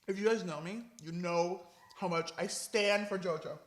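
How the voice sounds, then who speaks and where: A young man chatting casually in a vlog, gushing and expressive, swinging between excited and low-key. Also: normal speed. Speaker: vlogger. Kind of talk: casual mukbang vlog chat.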